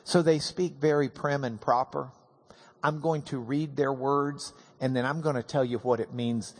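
A man's voice: mid-range voice, steady tone, moderate pace. A man preaching a sermon, telling the story with humor and emphatic swings. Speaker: pastor.

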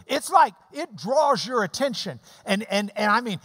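A pastor preaching a sermon, telling stories and explaining scripture in an animated way and acting out the clapping. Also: mid-range voice, moderate pace, slightly rough. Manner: animated storytelling, mimics clapping. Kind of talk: sermon with Bible teaching. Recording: long hall reverb.

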